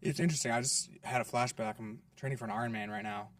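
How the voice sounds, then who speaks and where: Man, podcast host, quick talker, reflective, dry distant mic sound. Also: medium pitch, no room sound. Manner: reflective, conversational, laughs easily. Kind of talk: podcast interview, casual chat.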